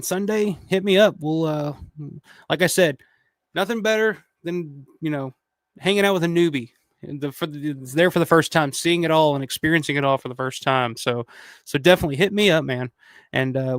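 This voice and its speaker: Reading viewer comments at normal speed, a livestream host in his thirties rambles along, cursing frequently and restarting a lot. His voice is on the high side, and the recording is dry with clean studio sound.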